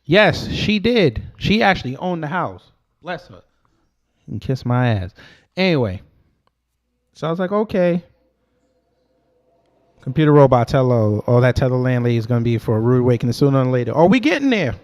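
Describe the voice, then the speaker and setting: A man's voice: medium pitch, brisk, dull audio. A young man from New York, telling a story in a casual, slangy way and answering his chat as he goes. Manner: animated, slangy, talks back to chat. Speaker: host.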